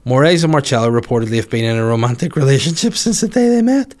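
A man's voice: mid-range voice, expressive, quick pace, darkish tone. A man hosts a podcast in a loose, casual way. He jokes irreverently and swears freely while reading out listener stories, in an ordinary mid-range voice. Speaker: podcast host.

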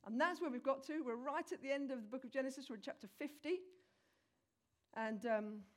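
A woman preaching a sermon, retelling a scripture story in a lively, conversational way and addressing the congregation directly. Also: high voice, a little fast.

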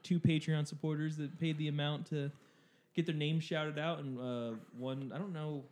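A man's voice: on the high side, fairly even intonation, moderate pace, a little mellow. A young man co-hosting a casual podcast, rambling with fillers and laughing often, recorded in a small room with a slight echo. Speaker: podcast co-host. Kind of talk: casual chat.

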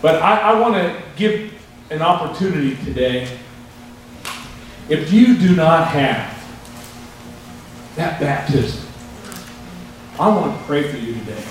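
A man's voice: fairly high pitch, lively intonation, slow pace, pauses often, faint music behind. A male pastor preaching a sermon, telling folksy stories between scripture readings, heard from a distance in a church with the congregation answering. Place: church sanctuary. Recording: echoey church from far off. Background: congregation responses.

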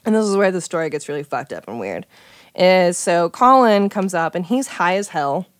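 Young woman guest, lowish voice, dry close sound, animated storyteller who swears and acts out quotes. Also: normal speed, no echo. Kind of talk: casual chat, telling a story.

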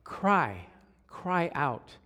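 A middle-aged man preaching a sermon, telling stories with hushed asides and sudden loud exclamations, and calling out for responses from the congregation. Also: fairly high pitch, drawn-out words. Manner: animated storytelling, swings from hushed to loud exclamations. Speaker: pastor.

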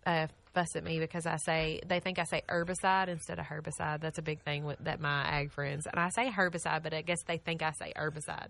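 Bright-voiced chatty woman co-host. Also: low-pitched, level tone, creaky, a little hiss or hum. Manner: chatty, quick to agree and laugh. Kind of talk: casual morning show banter.

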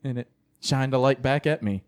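A man chatting casually as a podcast co-host, telling jokes with a deadpan delivery. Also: medium pitch, moderate pace. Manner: deadpan, joking. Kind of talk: casual banter.

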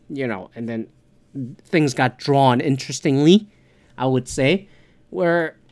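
A man's voice: fairly high pitch, smooth. A man giving a casual, rambling political rant, swearing freely and restarting his sentences. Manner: rambling, profane, many fillers and restarts. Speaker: political commentator.

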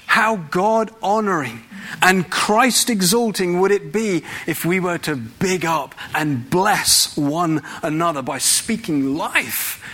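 A man's voice: high voice, slow pace, sharp tone, a little hiss or hum. A man preaching a sermon in a church, conversational and full of rhetorical questions.

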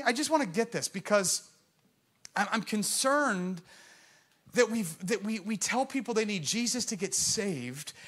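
Impassioned preacher man. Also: fairly high pitch. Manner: impassioned, swings from loud proclamation to hushed intensity; engages the congregation with questions. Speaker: pastor. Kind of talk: sermon.

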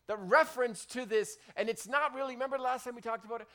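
A man pastor preaching a sermon in a conversational way, with many restarts and loud emphatic peaks. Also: very high voice, fast talker.

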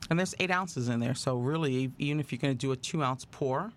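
A man appearing as a guest drinks maker, talking in an upbeat, pitching way. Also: fairly quick, slight background noise. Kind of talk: casual interview chat.

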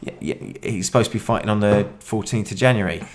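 A man with a low voice hosts a podcast in loose, casual chat. He rambles and swears freely as he talks things over with his co-host. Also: quick pace.

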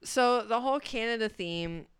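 A woman's voice: fairly high pitch, animated, normal speed, slight background noise. Giggly rambling young woman. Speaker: podcast co-host. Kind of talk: casual chat reviewing a dating show.

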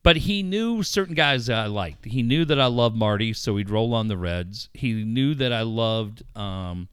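A man telling stories in casual chat, animated and profane, laughing often. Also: lowish voice, normal speed, smooth, no room sound, clean studio sound. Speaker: radio engineer telling stories.

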